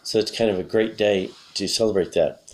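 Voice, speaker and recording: Low-voiced man, slightly hoarse. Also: a little fast, darkish tone. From USA. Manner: rambling, often correcting himself mid-sentence. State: losing his voice, clearing throat. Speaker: English teacher. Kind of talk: casual spoken lesson for learners.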